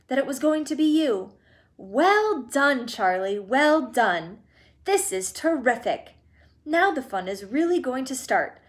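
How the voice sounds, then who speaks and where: A woman reading aloud and voicing an exuberant, eccentric male candy-maker who gushes with theatrical enthusiasm. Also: fairly high pitch. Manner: gushing, theatrical, fast-shifting enthusiasm.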